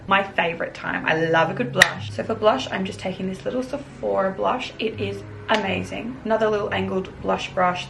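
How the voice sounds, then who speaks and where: A woman runs through a makeup tutorial from her bedroom in a bubbly, chatty way, calling every brush and product little. Her voice sits at an ordinary pitch with a gravelly, fry-tinged edge. Music plays clearly behind her. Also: rough recording. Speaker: makeup vlogger. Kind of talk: casual tutorial chat.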